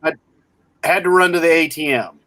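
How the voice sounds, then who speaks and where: A man's voice: fairly high pitch, moderate pace, dry recording. A man in his forties telling a story in casual chat, blunt and full of swearing. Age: 40s. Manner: profane, blunt, animated retelling.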